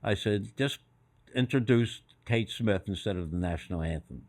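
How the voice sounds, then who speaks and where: A man's voice: lowish voice, normal speed, a little mellow. An older man on a podcast as a guest, telling anecdotes and acting out other people's voices in quotes. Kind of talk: storytelling anecdotes.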